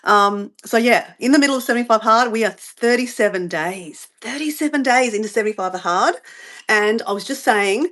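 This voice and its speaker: Her voice is fairly high, a bit bright, and a little fast: a middle-aged Australian woman vlogging her morning routine live. She chats casually, rambles, and gets pulled off track answering viewers' comments.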